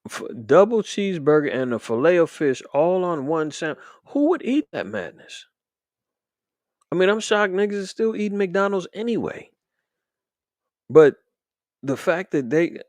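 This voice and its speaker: A man's voice: a little high, dry recording, studio quality. A man hosting a casual commentary stream, talking in a loose, indignant, rambling way with many fillers and restarts. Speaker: show host commentating on current events.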